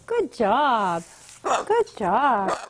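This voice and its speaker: Brief: a woman with a high, sing-song voice who coaxes her parrot slowly in baby talk. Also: huge pitch swings, a little hiss or hum. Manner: coaxing baby talk to a pet bird. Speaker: parrot owner. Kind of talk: casual talk to a pet.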